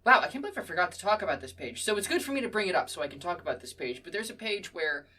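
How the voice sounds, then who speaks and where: A woman's voice: lowish voice, very animated, rapid-fire, bright, forceful tone, recorded from a distance. A woman co-hosting a podcast in casual chat, playful, swearing freely and laughing often. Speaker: podcast co-host.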